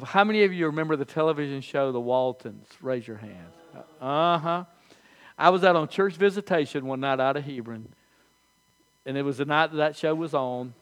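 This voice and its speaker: An older man preaching a sermon as pastor, telling folksy stories with animated, halting restarts. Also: on the high side.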